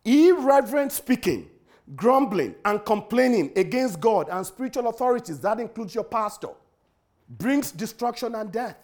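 High-voiced man preaching emphatically. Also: lively intonation, moderate pace. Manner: emphatic preaching, repeats phrases, swings from loud to hushed; pleading, earnest. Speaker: pastor. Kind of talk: sermon.

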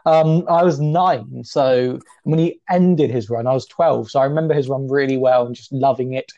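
A young man co-hosts a casual fan podcast, his voice gravelly and dark. He rambles a little and keeps trying to steer the chat. The sound is dull and lo-fi. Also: mid-range voice. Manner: chatty, rambling, quick to steer the talk back. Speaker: podcast co-host.

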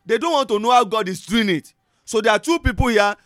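Male preacher, high voice, dry close sound, fervent chanted prayers, shouts and hushes. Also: animated, a little fast, no room sound. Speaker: pastor. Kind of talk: sermon with call-and-response prayer.

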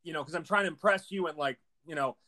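Enthusiastic Midwest-accented podcast host. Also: male voice, fairly high pitch, a crowd in the background. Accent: Wisconsin Midwest American. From Wisconsin, US Midwest. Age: 30s. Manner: enthusiastic, fast-talking, lots of fillers like man and you know. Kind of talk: podcast intro and interview.

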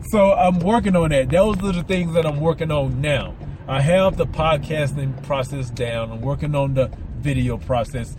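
A man's voice: fairly high pitch, fairly even intonation, a little slow, noisy background. A man with a Southern American accent hosting a casual podcast, rambling and repeating words, with a slight lisp from mouth aligners. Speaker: podcast host. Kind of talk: casual solo podcast monologue.

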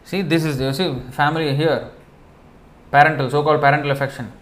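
A man giving a devotional lecture in a loose, conversational way, full of fillers, acting out quoted lines in a softer voice. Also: on the high side, steady tone, fairly quick, a little hiss or hum. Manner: conversational, many fillers, acts out quoted dialogue softly. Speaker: preacher.

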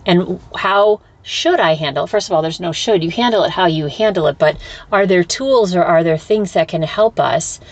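A woman hosts a solo spiritual podcast as a spiritual teacher, reflecting candidly and thinking out loud, swearing freely and restarting sentences. Her voice is fairly low and fairly quick, and the recording sounds muffled.

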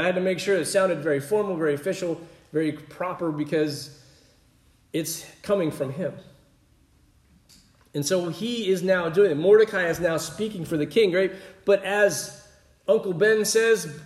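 A man's voice: high-pitched, moderate pace, roomy sound. A man preaching a sermon in a conversational way, often checking in with his listeners. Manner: conversational, keeps asking "right?".

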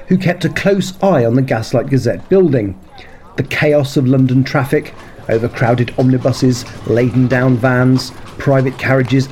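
A man reading a period detective story aloud in a measured, expressive narration. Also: medium pitch, slight background noise. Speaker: story reader. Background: faint ambient sound.

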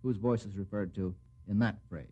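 Husky guy running an old radio quiz, wry and genial, muffled 1940s broadcast sound. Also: on the low side, normal speed, dark tone. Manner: genial, wry, quizzing panelists by name. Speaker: quiz show host.

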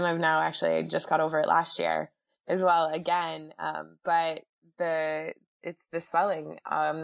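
A woman with a low, gravelly voice is a guest on a podcast, sharing casual personal stories. Chatty throughout, she acts out what others said.

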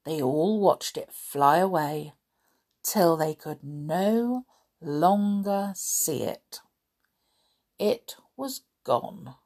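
A woman reading a children's storybook aloud in an expressive, measured storytelling manner. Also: deep voice, husky.

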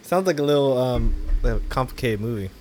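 A man's voice: medium pitch, animated, a little fast, darkish tone, a little hiss or hum. A man hosting a podcast in casual chat, laid-back and teasing, laughing often. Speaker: podcast host.

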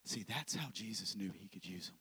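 A man preaching a sermon as pastor. He swings from loud shouting to hushed whispers and repeats phrases for emphasis. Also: on the low side, lively intonation, a little fast, husky.

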